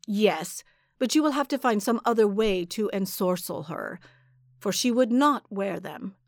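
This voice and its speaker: A woman's voice: mid-range voice, animated, measured pace, no room sound, clean studio sound. A woman voicing a weary, bound male sailor who speaks in a pleading, resentful way.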